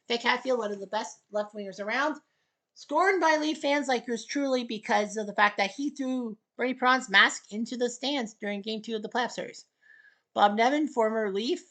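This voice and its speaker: A woman talking her way through a game in a loose, chatty commentary. She keeps wandering into side remarks and now and then bursts out with a shouted taunt. Her voice sits in an ordinary middle register. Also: medium pitch. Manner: chatty, rambling asides full of trivia. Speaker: gameplay commentator. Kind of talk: casual gameplay commentary.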